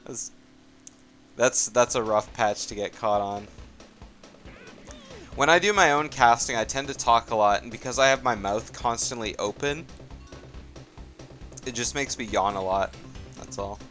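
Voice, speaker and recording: A man's voice: fairly low pitch, normal speed. A man casting a live racing game tournament, chatty and laid-back, trailing off with fillers. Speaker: tournament caster. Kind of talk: live esports play-by-play commentary. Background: soft game music.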